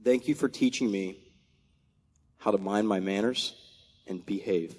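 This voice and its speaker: A man's voice: fairly low pitch, measured pace, darkish tone. A man in his forties from Maryland, giving a heartfelt farewell speech as an outgoing military commander, thanking people one by one and holding back tears. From Maryland, USA. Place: large aircraft hangar at a ceremony. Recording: long echo of a big hangar.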